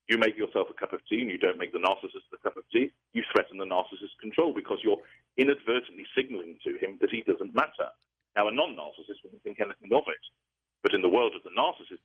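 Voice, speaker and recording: Deep-voiced man on a tinny line. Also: husky. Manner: measured, lecturing, methodical explanations. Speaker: interview guest. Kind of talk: explanatory interview talk.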